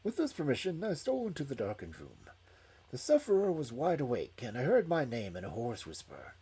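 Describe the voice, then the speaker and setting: A man reading a story aloud in an expressive, dramatic way. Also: medium pitch, brisk, husky.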